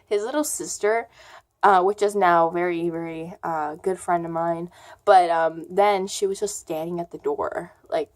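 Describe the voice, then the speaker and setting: Slow, rambling young woman vlogger. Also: fairly low pitch, fairly even intonation. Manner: rambling, filler-heavy storytelling. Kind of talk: casual story time.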